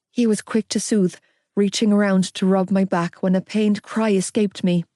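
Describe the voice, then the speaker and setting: A woman narrating a romance audiobook in the first person, expressive and unhurried. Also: medium pitch, dry recording, clean studio sound.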